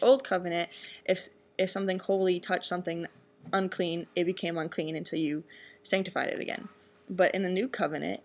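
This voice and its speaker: A woman's voice: fairly low pitch, gravelly. A young woman telling a rambling personal story in a casual vlog, full of fillers and little asides. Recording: dull lo-fi webcam audio.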